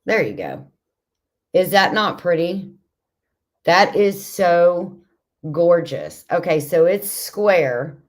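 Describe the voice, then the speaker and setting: A woman with a low voice hosts a relaxed livestream chat from her home. She speaks slowly and warmly to her viewers, reads their comments aloud, and gushes over the vintage jars she is showing. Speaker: livestream host.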